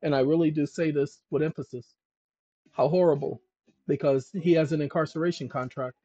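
A man's voice: on the high side, fairly even intonation, fairly quick, dry recording. A man hosting a channel, explaining legal procedure to viewers in an emphatic, conversational way and thinking aloud as he looks through documents. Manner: emphatic, addresses viewers as ladies and gentlemen. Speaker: channel host. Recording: dull lo-fi dry recording.

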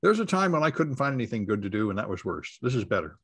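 A man's voice: mid-range voice, sing-song, quick pace, a bit bright, slightly rough. A man hosting a casual panel discussion, making dry, musing remarks. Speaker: host.

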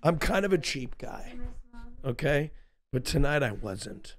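A man's voice: fairly high pitch, very animated, a little slow. A drunk man chatting on a podcast, rambling, repeating himself and sounding giddy. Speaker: podcast guest. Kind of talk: casual podcast chat.

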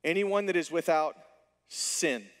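A man preaching a sermon from a church stage, his voice sitting a little high for a man. He tells the story with lively animation and slips into the characters' lines. His words ring out with a long reverb from the hall. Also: measured pace. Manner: animated storytelling, acting out dialogue. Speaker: pastor.

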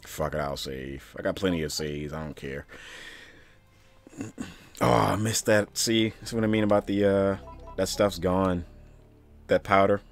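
A man's voice: low-pitched, a little slow, pauses often, faint music behind. A man giving casual, profane commentary while playing a video game, grumbling and talking back to the game itself. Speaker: streamer.

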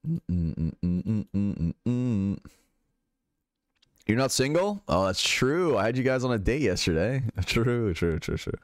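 A man's voice: medium pitch, big pitch swings, normal speed, hardly any pauses, dry recording, clean studio sound, soft background music. A young man streaming live, casually chatting and answering viewers' chat questions while swearing freely.

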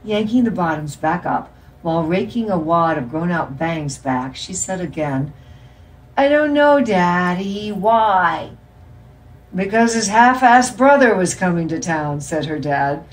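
A woman reading a literary novel aloud in a measured storytelling manner. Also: deep voice, a little mellow, recorded from a distance, slight background noise, rough recording. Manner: measured storytelling, voicing characters' lines. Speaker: reader.

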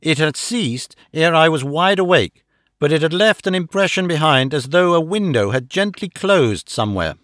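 Measured dramatic male audiobook narrator. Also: fairly high pitch, expressive, fairly bright tone, no echo, clean studio sound. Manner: measured, dramatic first-person reading. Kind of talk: scripted narration.

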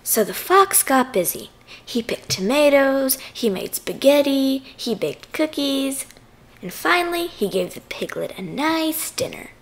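A woman narrating a children's picture book aloud in a playful, expressive way. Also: high voice, a little slow.

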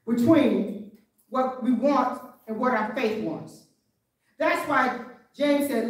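Woman preacher, high voice, lots of why-don't-you questions, big echo, sounds far from the mic. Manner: conversational preaching with rhetorical questions. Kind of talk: sermon. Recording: very echoey room, voice from afar.

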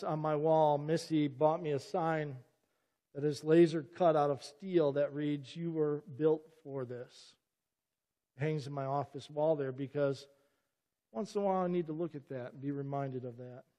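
A man's voice: fairly high pitch, a little mellow. A middle-aged man preaching a sermon as pastor, earnest and emphatic, often cutting in with "listen" to press a point. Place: church sanctuary. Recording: long church reverb.

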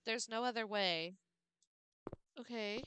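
A woman's voice: a little high, slow, a bit bright, slight background noise. A woman streamer muttering and thinking aloud while puzzling through a game. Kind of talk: casual gameplay commentary.

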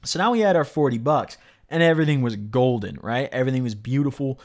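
A man spinning a casual storytime monologue, his voice swinging up and down with lots of lively pitch movement. He rambles, leaning on "like", "you know" and tag questions. He swears freely for emphasis. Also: fast talker. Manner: rambling, fills speech with "like", "you know" and "right?". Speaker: storyteller vlogger.

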